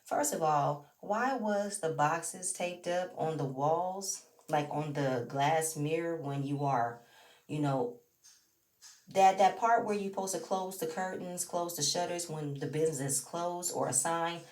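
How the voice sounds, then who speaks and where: Opinionated low-voiced woman recapping a show. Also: unhurried, a little mellow, far from the mic. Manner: chatty, opinionated, talks straight to the viewer. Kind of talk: casual recap commentary. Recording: roomy echo, away from the mic.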